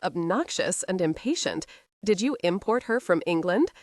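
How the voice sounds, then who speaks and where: A hot-tempered young tomboy who snaps back and won't back down as a woman reads her. Her lines jump around in pitch. Dry, close audiobook reading. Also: lively intonation, normal speed, no room sound, natural voice. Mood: scornful. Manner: defiant, sharp-tongued. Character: fiery tomboyish young woman, defiant and sharp-tongued.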